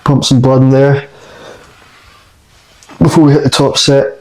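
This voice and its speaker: A man's voice: mid-range voice, flat delivery, a little slow, darkish tone, poor audio. A man giving casual gym training tips between sets, a little out of breath. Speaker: fitness vlogger. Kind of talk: casual gym vlog talk. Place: gym, indoors.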